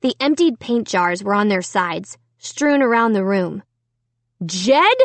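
A woman's voice: medium pitch, expressive, unhurried, no room sound. A woman giving a scripted first-person audiobook narration.

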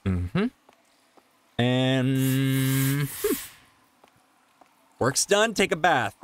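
A man streaming a horror game live, exclaiming and laughing as he goes. His pitch jumps all over the place, yet he talks slowly. A faint hiss sits under his voice. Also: sing-song. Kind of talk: live horror gameplay commentary.

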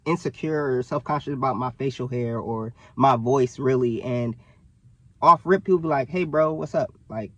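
A young man, talking casually to camera in an animated way, full of fillers and self-corrections. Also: mid-range voice, normal speed, no room sound, dull audio. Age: young adult. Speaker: vlogger. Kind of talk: casual direct-to-camera talk.

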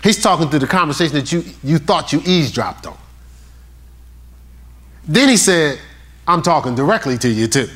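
Animated male pastor preaching. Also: on the high side. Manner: animated, talks straight to the congregation with questions; reads scripture aloud slowly. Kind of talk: sermon.

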